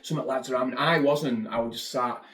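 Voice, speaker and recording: A middle-aged man, a former footballer telling animated stories as a podcast guest and acting out what people said. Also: medium pitch, fast. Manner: animated anecdotes, acts out quotes. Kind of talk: casual storytelling chat. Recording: roomy echo.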